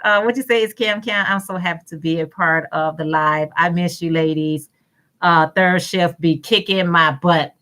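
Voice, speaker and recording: Bright-voiced woman chatting on a livestream. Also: on the low side, normal speed. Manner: chatty, greets viewers by name, reads comments aloud. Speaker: crochet livestream host. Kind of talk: casual livestream chat reading comments.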